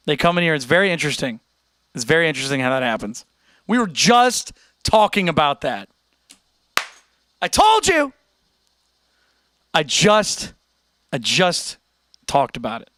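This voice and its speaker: A man's voice: on the high side, normal speed, long pauses, dry recording. A young American man hosting a live stream, chatting casually and answering his chat. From United States. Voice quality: animated, chatty, talks straight to chat.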